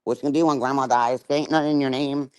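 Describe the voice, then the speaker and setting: A woman's voice: very deep voice, steady tone, very fast, clean tone, no echo, rough recording. A middle-aged woman on a livestream, ranting in a confrontational, taunting way and swearing hard. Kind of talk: livestream rant.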